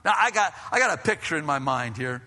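A man preaching a sermon to his congregation, acting out scenes and dropping to hushed tones. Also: fairly high pitch, very animated, brisk, big-room sound. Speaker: pastor.

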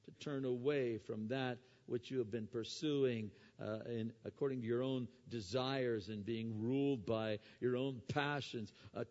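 A man preaching a sermon. He moves between quiet explanation and loud, emphatic preaching, and he asks the audience rhetorical questions. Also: mid-range voice. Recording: dull sound with long hall reverb.

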